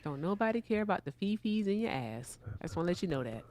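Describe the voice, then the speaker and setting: A woman's voice: medium pitch, sing-song, fast, darkish tone. A woman streamer chatting casually with the host, blunt and sassy. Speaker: fellow streamer. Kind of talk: casual chat.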